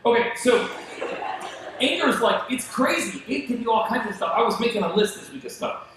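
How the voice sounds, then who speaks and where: A man's voice: very high voice, brisk, noisy background. Man preaching in an echoey church. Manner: conversational and animated, with asides and acted-out quotes. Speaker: pastor. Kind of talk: sermon. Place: church auditorium.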